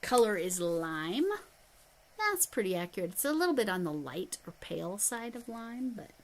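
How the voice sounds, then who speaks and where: A woman's voice: mid-range voice, big pitch swings, normal speed, slight background noise, low-quality recording. A middle-aged woman hosting a casual livestream, chatting and reading viewer comments as she goes through yarn. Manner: chatty, reads viewer comments aloud, handles yarn while talking. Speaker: livestream host.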